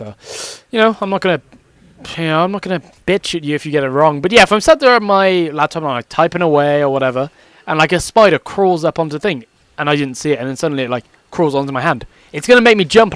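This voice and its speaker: A young man talks in a loose, rambling way, swearing freely as he commentates his gameplay. His voice sits a little high for a man. The sound is close and dry, with no room echo. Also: fairly bright tone, clear, resonant tone. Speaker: gaming commentator.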